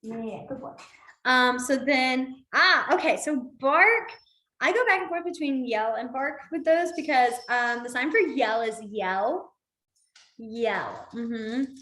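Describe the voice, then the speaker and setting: A young woman with a slightly high voice runs an online beginner class from a room in her home. She talks in a loose, chatty way, wandering into side stories and going soft and low whenever she pauses to demonstrate. The sound carries a noticeable room echo from her computer mic. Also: lively intonation. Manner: chatty, drifts into asides, trails off quietly while demonstrating signs. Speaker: sign language teacher. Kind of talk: casual online class instruction. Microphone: computer mic on a video call.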